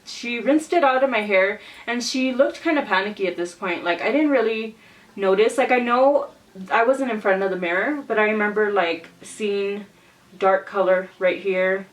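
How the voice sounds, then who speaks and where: Young woman, casual storytime vlogger, lively and exclaiming, mic a little distant. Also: mid-range voice, moderate pace. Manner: animated, exclaiming, acts out quotes.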